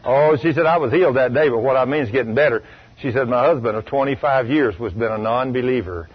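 A man preaching a sermon, telling a story in a folksy, emphatic way that swings between loud bursts and low asides. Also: fast talker, breathy edge. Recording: dull lo-fi radio recording.

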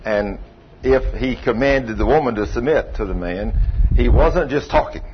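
A man's voice: mid-range voice, normal speed, noisy background. A man preaching a sermon in a folksy, storytelling way with emphatic asides. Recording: dull lo-fi recording.

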